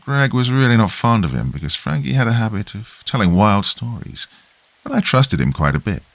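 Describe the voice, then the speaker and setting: A man's voice: fairly low pitch, very animated, fairly quick, creaky, dry recording. A man reading a horror story aloud as a scripted first-person narration.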